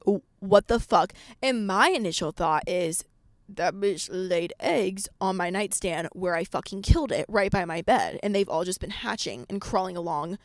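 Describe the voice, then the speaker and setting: Animated, foul-mouthed young woman storyteller. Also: lowish voice, normal speed, dry recording. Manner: animated, swears a lot, acts out her own past lines. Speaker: podcast host. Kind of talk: casual storytelling podcast.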